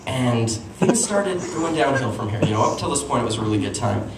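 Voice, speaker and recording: On stage at a small venue, a young male stand-up comedian tells a self-deprecating dating story at a fairly quick clip, jumping into higher voices for the quoted lines. His voice is ordinary middle pitch. The distant mic catches a roomy echo and a steady buzz of audience noise.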